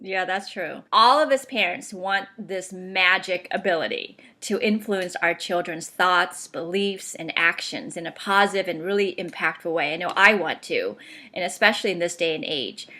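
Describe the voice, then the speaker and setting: A woman's voice: on the low side, normal speed, sharp tone. A woman hosting a parenting radio show, who affirms her guest and asks long, carefully framed questions. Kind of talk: interview hosting.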